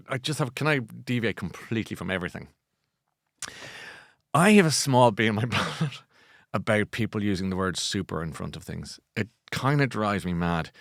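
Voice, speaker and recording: A man with an Irish accent hosting a book show, chatty and animated, often laughing at himself. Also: mid-range voice, no room sound, clean studio sound. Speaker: host. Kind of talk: casual chat.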